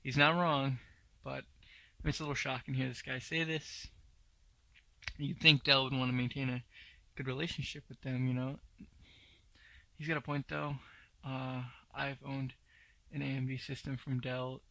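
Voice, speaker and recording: Blunt, gravelly man hosting a tech podcast. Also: mid-range voice, little pitch movement, normal speed, long pauses, sharp tone, no echo. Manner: opinionated, blunt, many fillers. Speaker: podcast host. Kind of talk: casual tech news commentary.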